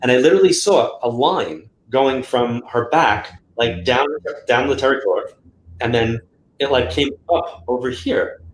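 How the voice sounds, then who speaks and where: A man's voice: medium pitch, measured pace, slight background noise. Man telling stories in a roomy room. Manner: animated, acts out quotes in a raised voice. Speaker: guest psychic medium. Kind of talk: casual interview storytelling. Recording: roomy echo.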